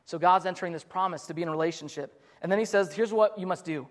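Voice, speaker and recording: A man's voice: high voice, quick pace. A man preaching a sermon, earnest and explanatory, getting emphatic and often restarting his sentences. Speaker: pastor. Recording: long reverb of a large hall.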